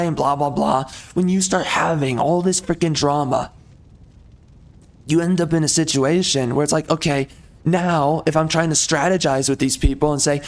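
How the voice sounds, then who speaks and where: A man's voice: a little high, steady tone, moderate pace. A man giving rambling, exasperated commentary over gameplay, often stumbling and restarting his sentences. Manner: exasperated, rambling, frequent restarts and filler words.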